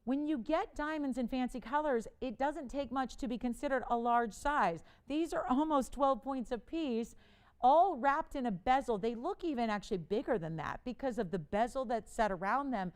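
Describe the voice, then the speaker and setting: A woman hosting a live TV jewelry shopping show, pitching an auction in a chatty, playful way, laughing often and urging bidders on. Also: clean tone. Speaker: TV shopping host. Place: TV studio.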